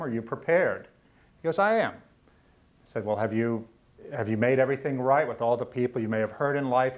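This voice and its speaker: Speaking in a mid-range voice, a Southern author from Louisiana tells an earnest personal story during a lecture in a university room. He halts at times and repeats words when he is moved.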